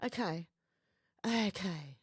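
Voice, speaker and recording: A woman's voice: on the low side, lively intonation, slow, breathy edge, dry recording, studio quality. A woman hosting a casual commentary vlog, chatty and repeatedly breaking into laughter. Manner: giggly, chatty, prone to laughing fits. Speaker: vlog host.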